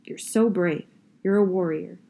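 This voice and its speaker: A woman reading aloud and voicing a loving, worn-out father who speaks softly and tenderly to his son. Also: on the low side, a little slow, creaky. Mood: encouraging.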